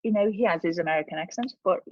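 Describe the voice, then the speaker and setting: A woman's voice: lowish voice, very fast, no echo. A middle-aged English woman, a podcast guest, chatting in an easygoing way about her family, heard through dull, lo-fi audio. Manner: easygoing, laughs while telling family stories. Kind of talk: casual conversation.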